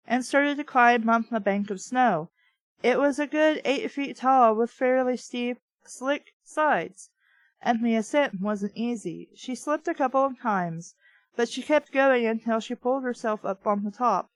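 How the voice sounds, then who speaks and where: A woman's voice: on the high side, unhurried, dry recording. A woman reading a novel aloud and breaking in with sarcastic, mocking commentary. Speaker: book reader and critic.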